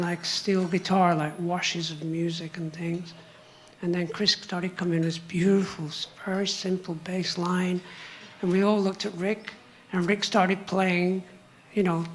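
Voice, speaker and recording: An older man with a high voice, telling stories as a musician guest on a live stage, humming and singing song parts as he goes. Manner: hums and sings song parts while telling stories, chuckling. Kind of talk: live on-stage interview storytelling.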